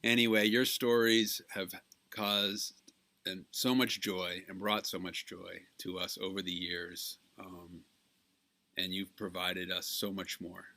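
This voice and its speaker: A man recording a birthday greeting who tells a story and pauses often with ums. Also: deep voice, little pitch movement, pushed and bright. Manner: storytelling, halting with many ums. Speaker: family member giving a birthday message.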